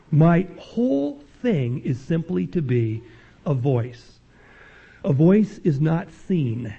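A man preaching a sermon as pastor, emphatic and rising to loud peaks. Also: a little high, vocal fry, slightly rough. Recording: dull lo-fi sound.

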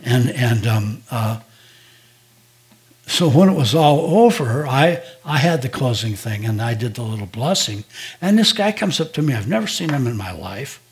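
A man's voice: mid-range voice, lively intonation, normal speed. An older man, a pastor, preaching a sermon in a conversational, storytelling way, acting out quoted dialogue.

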